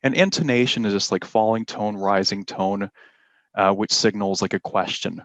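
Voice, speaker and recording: A man leads a classroom lesson with a slow, deliberate delivery, leaning on the important words. His voice sits on the low side. The recording is dry and a little dull. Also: a bit bright, dry recording. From Canada. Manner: slow, deliberate explaining with emphasis on key words. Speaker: IELTS teacher.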